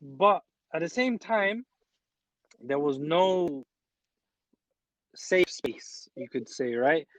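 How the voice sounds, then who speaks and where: A man's voice: fairly high pitch, animated, extremely slow, long pauses, fairly bright tone, dry recording. A young man speaking earnestly in casual chat, often repeating words as he thinks. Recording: dull dry audio.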